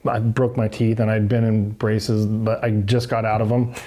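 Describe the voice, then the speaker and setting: A middle-aged man with a lowish voice speaks at a normal speed, a onetime motocross racer appearing as a guest in an interview. He tells stories casually and animatedly, acting out the things people said.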